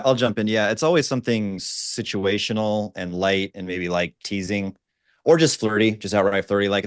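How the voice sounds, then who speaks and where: A man's voice: lowish voice, a bit bright, clean tone, dry recording, studio quality. A man, a dating coach on a panel, talking in a light, playful way. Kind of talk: panel discussion.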